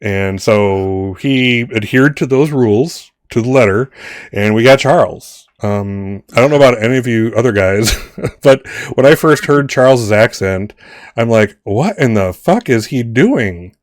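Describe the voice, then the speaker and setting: A man's voice: medium pitch, a little slow, dry recording, clean studio sound. A man game master in casual chat, rambling with many restarts and some swearing. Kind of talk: casual campaign wrap-up chat.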